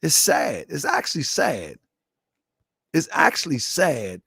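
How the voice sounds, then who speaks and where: A middle-aged man hosts a casual commentary show, his raised voice swinging widely up and down. There is a gravelly rasp to his delivery. He rambles, repeats phrases, and breaks into laughter, all captured dry and close. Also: a little high, slow, no echo. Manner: animated, rambling, repeats himself, bursts of laughter. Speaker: show host.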